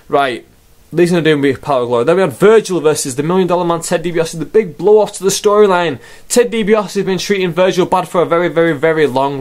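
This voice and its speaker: A man giving a rambling, sarcastic wrestling review and swearing freely. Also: medium pitch. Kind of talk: casual spoken review.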